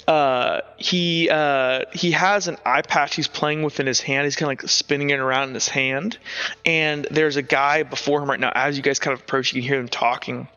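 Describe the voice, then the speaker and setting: A man's voice: mid-range voice, steady tone, moderate pace, bright, forceful tone, smooth. A man narrating a tabletop game as game master, rambling and full of fillers. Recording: dull lo-fi audio.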